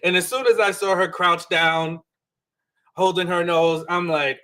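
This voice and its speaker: A man co-hosting a podcast, recapping a reality show in a casual, animated way and acting out the lines he quotes. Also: sits high, a little slow. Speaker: podcast co-host.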